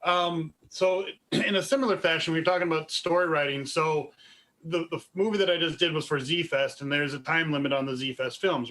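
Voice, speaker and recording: Guy from the audience, bright sharp voice, chatty film story. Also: a little high. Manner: conversational, quotes his editor. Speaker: panel audience member, filmmaker. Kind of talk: casual panel anecdote.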